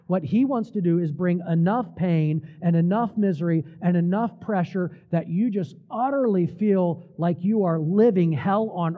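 A man preaching a sermon, slowing down for emphasis and dropping his voice to near quiet at key words. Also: high voice. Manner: preaching with slow, emphatic pauses and dramatic drops in volume. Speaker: pastor. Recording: tinny phone-like sound.

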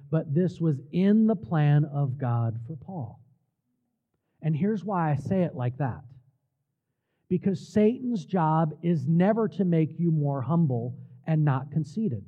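A man preaching a sermon, slowing down for emphasis and dropping his voice to near quiet at key words. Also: fairly high pitch. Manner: preaching with slow, emphatic pauses and dramatic drops in volume. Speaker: pastor. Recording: tinny phone-like sound.

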